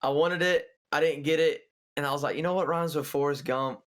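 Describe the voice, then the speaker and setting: A young man who is a streamer, speaking as a podcast guest in a relaxed, soft-spoken and slightly shy way. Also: fairly high pitch, fairly quick. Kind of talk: casual chat.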